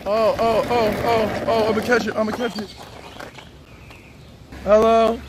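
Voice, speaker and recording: A man's voice: high voice, level tone, measured pace. A young man livestreaming outdoors on a city street, brash and crude as he teases strangers. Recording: loud street and traffic noise.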